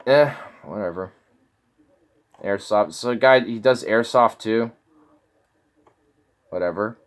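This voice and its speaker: A man with a fairly low voice talks through someone else's videos in a casual, sneering way. He swears often and sounds openly incredulous at what he finds. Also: slow pace. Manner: mocking, incredulous, swears a lot. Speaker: commentator reacting to videos. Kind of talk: casual reaction commentary.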